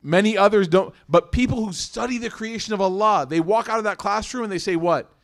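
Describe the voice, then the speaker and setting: Guy giving a religious talk, kinda high voice, lots of "and what?" questions, jokey asides. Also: fairly quick. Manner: lively, asks the audience rhetorical questions; casual asides and humor. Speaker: Islamic lecturer. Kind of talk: lecture.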